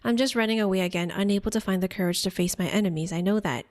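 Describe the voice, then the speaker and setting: A woman's voice: mid-range voice, quick pace, voice pushed down, natural voice. Woman reading as a remorseful young man. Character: remorseful young man, guilt-ridden and lonely. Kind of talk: reading game dialogue aloud.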